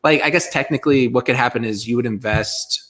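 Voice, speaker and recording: A man co-hosting a podcast chats casually, rambling with plenty of fillers and laughter. His medium-pitched voice has a fairly bright tone and moves fairly quickly.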